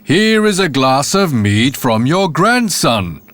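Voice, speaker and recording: A man's voice: fairly high pitch, sing-song, unhurried, dry recording, voice pushed up. A man playing a hot-tempered innkeeper. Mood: bawling. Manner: loud, flustered, pleading. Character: rich fiery-tempered male innkeeper.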